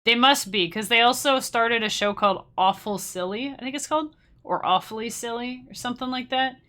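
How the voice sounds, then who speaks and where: Her voice sits on the high side, a little fast and sharp, as this streamer and musician talks informally with her livestream audience. She rambles, starts her sentences over, and laughs frequently.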